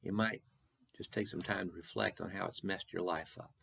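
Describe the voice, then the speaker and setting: A man from Texas giving a short devotional sermon, earnest, with slow, repeated questions for emphasis. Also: low-pitched, steady tone, creaky, bright, forceful tone, breathy edge. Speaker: preacher.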